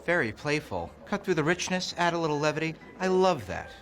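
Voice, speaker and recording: An actor playing an eager, food-loving man making lively, earnest small talk in a sitcom. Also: fairly high pitch, fairly quick, a little hiss or hum, low-quality recording. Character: eager food-loving male cop at party. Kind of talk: sitcom acting.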